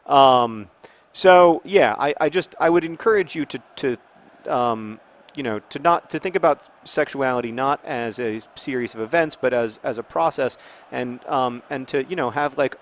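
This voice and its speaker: A man in his thirties muses aloud at an easy, middling pitch as he plays a football game. His talk wanders with false starts and filler words, and he bursts into loud, excited cries whenever the match heats up. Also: normal speed, slight background noise. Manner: rambling, many restarts, bursts of excited outcries at the game. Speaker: video blogger playing a football video game. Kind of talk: casual gameplay talk while discussing a topic.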